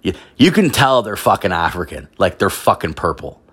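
A man's voice: deep voice, sing-song, moderate pace, fairly bright tone, slightly rough. A man ranting casually, rambling with constant filler words and heavy swearing. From Canada. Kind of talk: profane casual rant.

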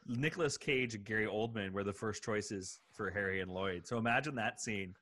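A man's voice: lowish voice, moderate pace, a bit bright, dry recording, studio quality. A man co-hosting a podcast, eagerly sharing behind-the-scenes film trivia in casual chat. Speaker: podcast co-host.

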